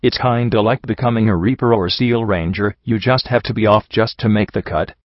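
A man's voice: lowish voice, a little fast, dry recording, muffled recording, lightly acted. A man reading the part of a blunt, teasing female pony fighter.

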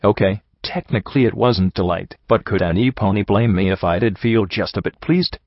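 A man reading a first-person fan fiction story aloud in a wry, even manner. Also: on the low side, moderate pace, few pauses, dry recording, muffled recording. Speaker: audiobook reader.

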